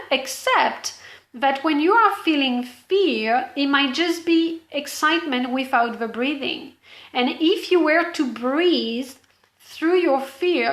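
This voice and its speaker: A woman business coach speaks with a high voice, explaining her points earnestly and addressing the listener directly. The recording carries a noticeable roomy echo around her. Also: fairly bright tone. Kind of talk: motivational coaching talk to camera.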